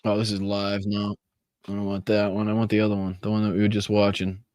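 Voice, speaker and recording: A man's voice: on the low side, completely flat delivery, quick pace, darkish tone, smooth, dry recording, studio quality. A man hosting a political podcast in a casual, mocking style, swearing freely and laughing as he comments. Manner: mocking, profane, laughs often. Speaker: podcast host.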